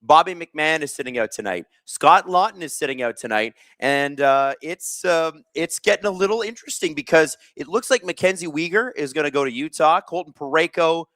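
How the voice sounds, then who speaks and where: A man's voice: on the high side, a little fast, few pauses, fairly bright tone, no echo. Rambling male stream host, dry mic. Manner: rambling storyteller, lots of fillers and restarts; talks while snacking. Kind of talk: casual live-stream chat.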